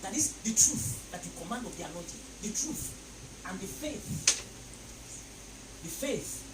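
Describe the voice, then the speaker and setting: A man's voice: high voice, sing-song, unhurried. A man preaching a sermon emphatically, repeating phrases and leading the congregation in call-and-response. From Nigeria. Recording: echoey, distant mic, noisy.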